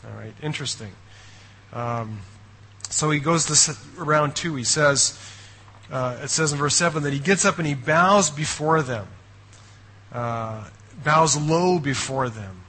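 A male pastor telling a story in a sermon with lively, conversational energy, often tossing in "okay?" and "right?". His voice sits a touch high and sounds bright and forward, with a husky grain. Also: measured pace. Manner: animated storytelling.

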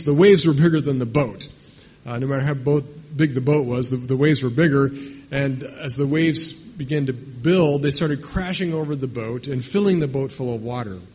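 A man's voice: fairly high pitch, husky. A man preaching a sermon in a conversational way, often checking in with "right?" and restarting his phrases. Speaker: pastor. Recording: long hall reverb.

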